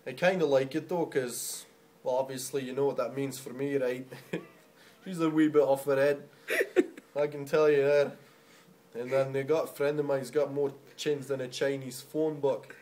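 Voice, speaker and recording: A man's voice: mid-range voice, fairly even intonation, normal speed, a little mellow, voice pushed down, close to an everyday voice. A man putting on a cheeky Scottish man with a Scottish accent and rolled R's.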